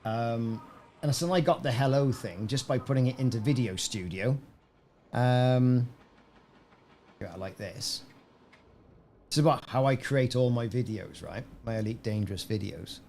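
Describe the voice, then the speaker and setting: A man's voice: mid-range voice, unhurried, long pauses, a little mellow, a little hiss or hum. Chatty man streaming a game. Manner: chatty, rambling, answers chat by name. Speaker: gaming streamer. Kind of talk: casual live-stream chat.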